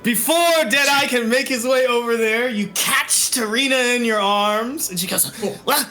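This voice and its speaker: A man narrating a tabletop game as game master, playful and animated. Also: very high-pitched, moderate pace.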